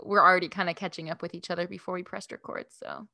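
A woman's voice: lowish voice, fairly even intonation, quick pace, vocal fry, pushed and bright, no echo, clean studio sound. A woman co-hosting a podcast in casual chat, rambling and giggly with lots of fillers. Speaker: podcast co-host.

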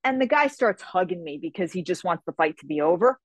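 A woman guest in a casual interview, telling stories in an animated way with laughs between phrases and quick voices for other people. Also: lowish voice, no room sound. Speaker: guest, fantasy novelist and martial artist.

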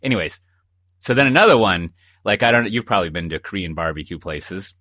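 A man's voice: low voice, expressive, fast, sharp tone, no echo, clean studio sound. A man co-hosting a podcast in casual chat, telling rambling, jokey stories full of asides. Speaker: podcast co-host. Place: lives in Texas.

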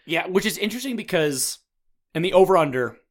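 A man's voice: high-pitched, expressive, fairly quick. A man hosting a casual sports podcast, rambling and repeating words as he talks. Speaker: podcast host.

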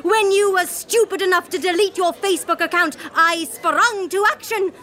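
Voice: extremely high pitch, fairly even intonation, normal speed, sharp tone. A performer voicing a pompous man who gloats over his revenge, speaking in an affected, theatrical villain manner in a comedy sketch. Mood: gloating. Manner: camp villain gloating with cackling laughs. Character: pompous vengeful man, former school victim, now a gloating schemer.

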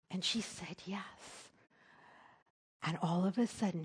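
A middle-aged woman preaching, telling a personal story in an earnest way that drops to a soft hush at tender moments. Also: lowish voice, slow, pauses often, breathy edge. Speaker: speaker at a church service. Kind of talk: storytelling sermon.

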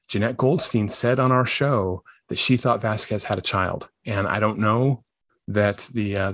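A man's voice: fairly low pitch, no echo, studio quality. A man hosting a podcast, chatting casually and enthusiastically about upcoming film and book news. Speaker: podcast host.

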